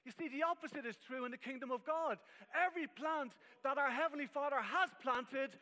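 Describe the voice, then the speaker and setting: A man's voice: very high-pitched, brisk, bright, forceful tone. A man preaching a sermon as pastor, emphatic with wry asides, in a church hall. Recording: long reverb of a hall.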